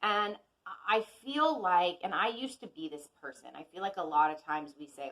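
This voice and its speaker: A woman's voice: medium pitch, lively intonation, a little fast, a bit bright, rough recording. A woman giving a casual teaching talk as an intuitive healer and astrology teacher. She is chatty and conversational and speaks straight to her viewers.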